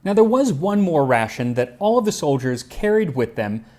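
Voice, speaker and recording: Higher-voiced man narrating food history. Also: sing-song, moderate pace, dark tone. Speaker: cooking history host. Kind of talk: scripted narration with tasting.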